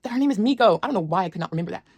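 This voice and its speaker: A young woman casually telling a wild personal story to her viewers, animated and slangy. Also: mid-range voice, very fast, husky, dry recording, lo-fi sound. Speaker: storyteller vlogger.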